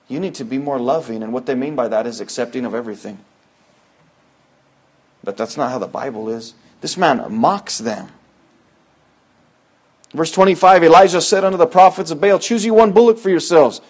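A man preaching a sermon, moving between loud, high-pitched emphatic lines and low, quiet asides. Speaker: pastor.

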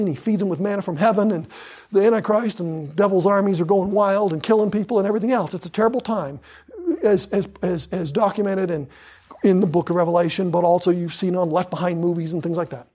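A man's voice: sits high, a little mellow, husky. A man preaching a sermon with fervor, hammering points through repetition and drawing out scripture for emphasis.

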